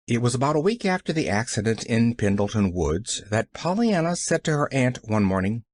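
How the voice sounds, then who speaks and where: A man narrating an audiobook with expressive storytelling. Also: medium pitch, moderate pace, few pauses, no echo, studio quality.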